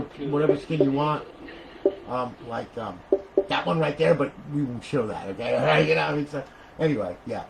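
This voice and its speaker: A console modder demos a modded console through gameplay in a loose, rambling tutorial, cursing freely and bursting into loud trash talk aimed at opponents. His voice is fairly high and creaky, with steady background hiss throughout the recording.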